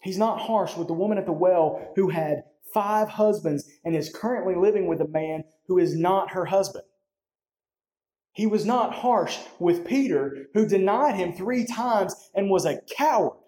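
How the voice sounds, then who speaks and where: A man's voice: sits high, normal speed, mellow. Man preaching in an echoey hall. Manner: conversational, often tags "right?". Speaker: pastor. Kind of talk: sermon.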